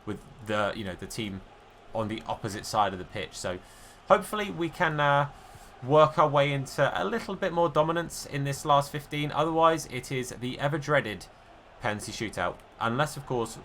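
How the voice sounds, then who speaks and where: A man and gaming YouTuber giving chatty, self-deprecating live commentary over his own football video game, swinging between excited and deflated. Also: medium pitch, moderate pace, slight background noise.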